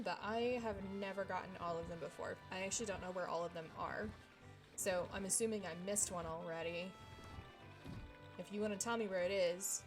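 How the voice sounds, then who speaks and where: A woman streamer from Texas, chatting casually with viewers while she plays a game. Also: mid-range voice. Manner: chatty, talks to chat while playing. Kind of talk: casual gaming stream chat. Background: video game music.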